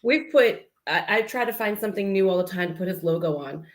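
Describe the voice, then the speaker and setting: A woman's voice: on the low side, animated, fast talker. A woman who is a podcast guest, chatting casually, often laughing and chiming in. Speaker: podcast guest, snake breeder. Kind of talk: casual chat.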